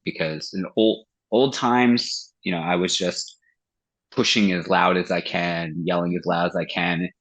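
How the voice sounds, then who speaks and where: A man's voice: low-pitched, fairly even intonation, measured pace, fairly bright tone, slightly rough, poor audio. A man who sings in a metal band, talking casually as a podcast guest, swearing freely and acting out quoted conversations. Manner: loose and profane, acts out quoted dialogue. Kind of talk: casual interview chat.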